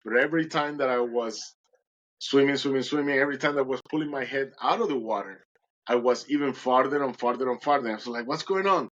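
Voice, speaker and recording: A man's voice: mid-range voice, fast, fairly bright tone, highs cut off. A podcast guest, a man, recounting a dramatic personal story in conversation and acting out his own words with animation.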